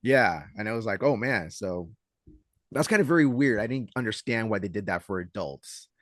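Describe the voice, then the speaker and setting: A man co-hosting a casual podcast as a judo coach, telling stories in an animated way and acting out what others said. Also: fairly low pitch, normal speed, no echo. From Southern California. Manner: animated storyteller, acts out quotes loudly.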